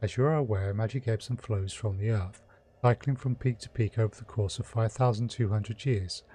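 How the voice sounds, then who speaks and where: A man voicing a slow, pompous German envoy who savours every word. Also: fairly low pitch, mellow, slightly rough.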